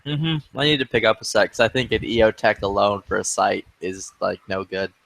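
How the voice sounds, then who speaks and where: A man's voice: fairly low pitch, fairly quick, creaky, fairly bright tone. A man in a casual online voice chat, telling rambling, profane stories. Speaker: gamer in voice chat.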